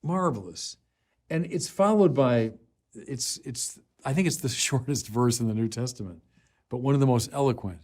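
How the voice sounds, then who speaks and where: A middle-aged man preaching a sermon, slow and deliberate, building to emphatic declarations. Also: medium pitch, lively intonation, a little mellow.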